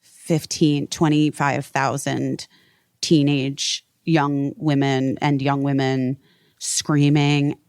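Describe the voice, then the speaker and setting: A woman's voice: very deep voice, flat delivery, slow pace, darkish tone, no echo, clean studio sound. A woman hosting a podcast in casual chat, rambling with lots of fillers and frequent swearing. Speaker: podcast host.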